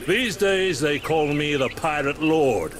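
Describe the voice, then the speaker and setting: An actor playing a kindly ghostly pirate lord in a video game, guiding a newcomer in an encouraging storytelling way. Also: male voice, on the high side, slow pace. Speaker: game character. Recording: game audio with steady noise.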